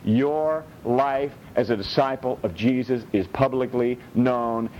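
A male pastor preaching a sermon, blunt and animated, swinging between high and low. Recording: dull lo-fi with faint rumble.

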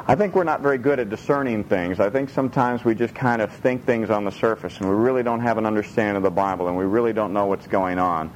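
A man preaching a sermon in an animated way, acting out voices from the Bible and laughing often. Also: on the low side, fast talker, few pauses, a little hiss or hum, poor audio. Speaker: pastor.

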